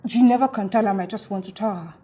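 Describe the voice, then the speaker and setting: A woman's voice: medium pitch, quick pace, warm tone, natural voice. An actress playing a worried, pushy woman who confronts a friend about his wedding, speaking with a Nigerian accent. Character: anxious, meddling woman friend of the groom. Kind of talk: film drama acting.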